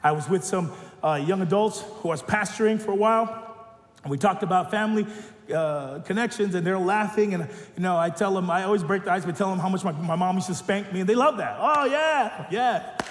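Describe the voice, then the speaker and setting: A male pastor preaching a sermon, telling stories and joking, animated. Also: sits high, fast. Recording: echoey church hall.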